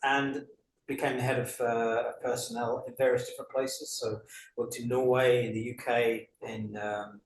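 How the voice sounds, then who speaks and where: A man in his sixties with a London accent, a guest telling his life story in a relaxed, dryly humorous way. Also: medium pitch, moderate pace. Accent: London English. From England. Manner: dry self-mocking humour, chatty. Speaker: guest career coach. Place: indoor room, on a couch. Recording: roomy echo, faint ambience.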